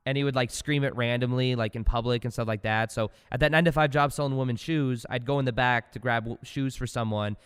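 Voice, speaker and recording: A man hosting a spiritual self-help podcast, talking in a loose, casual motivational way, swinging from quiet asides to loud, excited bursts. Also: medium pitch, fast talker, hardly any pauses, smooth, long reverb tail.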